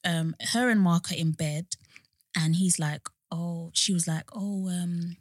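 A woman's voice: on the low side, measured pace, dry recording, clean studio sound. A young woman, a podcast co-host in casual chat, retelling reality-show scenes in quoted voices.

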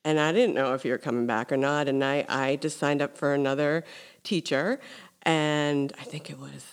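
A woman with a notably deep voice hosts a casual interview. She tells her stories in an animated, chatty way, full of casual fillers. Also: normal speed, clear, resonant tone. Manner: animated storytelling, frequent "like" fillers. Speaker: podcast host.

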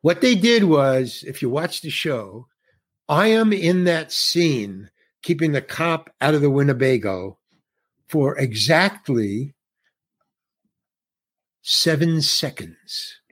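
Middle-aged male actor, lively anecdote teller, voices the other characters, slightly high and very expressive. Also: slow pace, pauses often. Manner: animated storyteller who acts out the other people's lines. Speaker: actor guest. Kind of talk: conversational anecdote.

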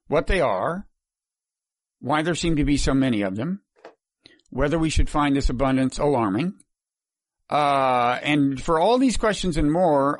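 Male podcast host with a fairly high voice, halting delivery, dry close sound. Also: dry recording. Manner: halting, filler-heavy. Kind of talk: interview hosting.

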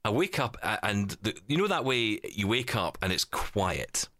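A man's voice: on the low side, moderate pace, dry recording, studio quality. A man chatting casually on a podcast, telling a story and teasing his co-host. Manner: chatty, lively, teasing, lots of "you know".

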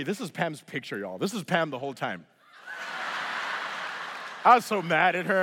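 A male pastor from Africa telling a story in a sermon with lively energy, acting out other people's voices and laughing often. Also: sits high, a little fast, creaky, breathy edge. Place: large church hall. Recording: live sermon in a reverberant hall.

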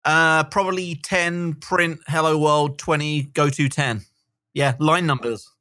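A middle-aged man talking easily as a podcast guest, with many fillers and pauses. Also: a little high, fairly even intonation, sharp tone, no echo, studio quality. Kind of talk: casual podcast interview.

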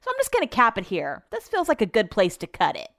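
A woman's voice: medium pitch, wildly swooping pitch, quick pace, a bit bright, no room sound, clean studio sound. A woman hosting a podcast from her home office, chatting casually about news and her day, swearing now and then and tripping over her words. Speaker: podcast host. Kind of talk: casual news chat and personal update. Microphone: podcast microphone in home office.

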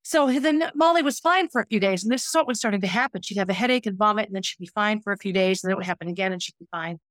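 A woman's voice: mid-range voice, racing, no echo, clean studio sound. A middle-aged woman hosting a podcast, telling a personal story in a candid, reflective, self-critical way. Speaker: podcast host.

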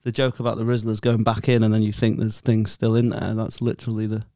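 A man co-hosting a podcast, bantering with quick teasing jokes and wordplay. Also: on the low side, monotone, mellow, dry recording, studio quality. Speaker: podcast co-host. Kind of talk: casual banter.

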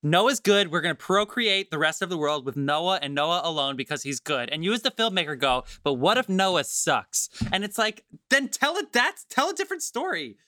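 Man, high voice, heated rant, swearing, casual podcast chat. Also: very animated, a little fast, few pauses, pushed and bright, no room sound. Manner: heated, ranting, swears a lot. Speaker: podcast co-host. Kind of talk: casual film-review chat.

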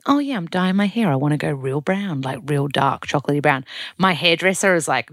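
A woman with an Australian accent and a low voice, giving an upbeat, casual diary-style check-in as a podcast host in a studio. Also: lively intonation, moderate pace, a bit bright, no room sound. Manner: chatty, upbeat, self-deprecating.

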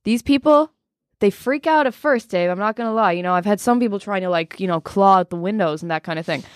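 A woman's voice: medium pitch, fast, no room sound, natural voice. Woman playing a rambling, cocky American male life coach; dry studio sound. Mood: boastful. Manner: rambling, cocky, full of fillers. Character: brash, boastful American male self-help mentor. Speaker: studio guest. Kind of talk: improvised comedy role-play.

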